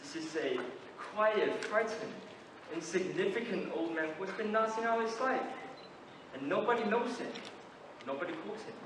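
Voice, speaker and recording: Boy doing a quiet thoughtful old juror, far away in a big echoey room. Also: high-pitched, animated, normal speed. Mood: reflective. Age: late teens. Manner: soft, reflective, hesitant. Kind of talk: stage play performance. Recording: echoey hall from far off, background noise.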